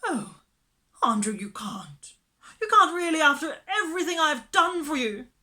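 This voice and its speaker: Woman doing Miss Lark, shrill fussy lady. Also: lively intonation, slow, bright, forceful tone, heavily acted. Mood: wailing. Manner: shrill, wailing and tearful. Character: fussy haughty lady doting on her dog.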